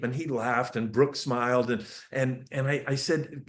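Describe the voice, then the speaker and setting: This man's voice sits at medium pitch with a steady tone, and he keeps a moderate pace with few pauses. Giving a parenting talk over a shared screen, he tells family stories in earnest, restarting speech and acts out the dialogue.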